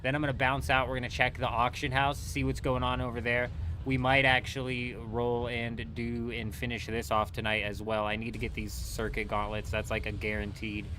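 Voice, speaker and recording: A young man live-streaming gameplay, chatting playfully and trash-talking with sudden excited outbursts. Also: mid-range voice, moderate pace, noisy background. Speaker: game streamer.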